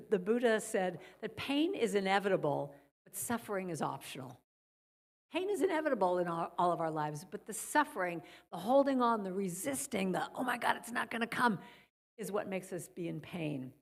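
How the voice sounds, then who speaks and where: A middle-aged woman speaking as a guest at a church service, softly guiding listeners and telling stories. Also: mid-range voice. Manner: gentle, guiding a breathing exercise then storytelling. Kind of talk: spiritual talk at a church service. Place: church sanctuary.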